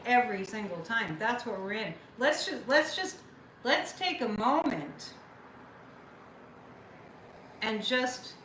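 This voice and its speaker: A woman's voice: on the high side, pushed and bright, roomy sound, a little hiss or hum, low-quality recording. A woman hosting a psychic livestream, chatting casually, reading viewer comments and repeating phrases for emphasis.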